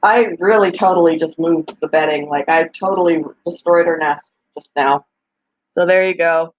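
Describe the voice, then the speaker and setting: Speaking at a moderate pace in a fairly low voice, a woman hosts her pet channel and chats live with viewers. She gushes over tiny baby animals and laughs often, though the recording has its highs cut off.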